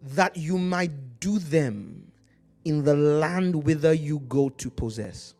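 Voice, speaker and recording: Male preacher with an African accent, slightly higher voice, emphatic sermon delivery, faint music bed behind. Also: expressive, a little mellow. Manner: emphatic preaching, slows to read scripture, calls out to the congregation. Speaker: pastor.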